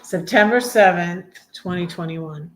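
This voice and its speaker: A woman hosts a relaxed live stream, chatting and reading her own poems aloud. She is soft-spoken and often sinks into a quiet murmur. Her sentences halt and restart as she thinks aloud. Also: fairly low pitch, a little hiss or hum. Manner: halting, with frequent restarts and trailing off. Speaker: poet and blogger hosting a live stream. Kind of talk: casual live chat and poetry reading.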